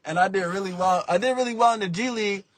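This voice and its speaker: A man's voice: high voice, fast talker, no room sound. A young man talking casually as a podcast guest, telling stories in laid-back slang and acting out what people said. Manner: animated storytelling, acts out quotes. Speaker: podcast guest, basketball player. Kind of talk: casual interview talk.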